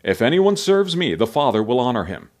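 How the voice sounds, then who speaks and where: A man reading the words of a calm male teacher in a solemn, measured way, in his own voice. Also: medium pitch, lightly acted.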